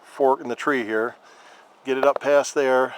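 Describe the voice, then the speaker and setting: A man filming a casual how-to vlog about his scooter, rambling and halting with lots of fillers. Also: medium pitch, steady tone, low-quality recording. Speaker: vlogger showing a scooter horn install.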